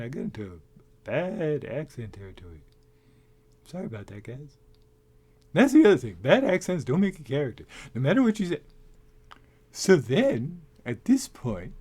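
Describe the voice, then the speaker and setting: A man hosting a casual talk, rambling and animated with many restarts. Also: medium pitch, slightly rough. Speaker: host. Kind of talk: casual talk on making tabletop game characters.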